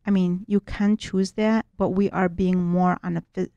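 A woman's voice: fairly low pitch, steady tone, normal speed, dark tone, no room sound, lo-fi sound. A woman being interviewed as a guest, explaining her teachings earnestly and often restarting her sentences. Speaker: guest, writer and spiritual workshop teacher.

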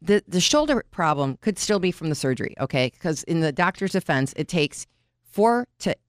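Woman, podcast co-host, lowish voice, dry close mic, easy conversational chat. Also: very animated, no echo. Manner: conversational, quick affirming interjections. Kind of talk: casual chat.

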